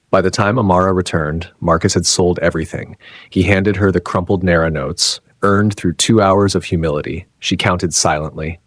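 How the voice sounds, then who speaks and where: A man reading a dramatic story as narrator in measured, short phrases. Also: low-pitched, fairly even intonation, slightly rough, dry recording.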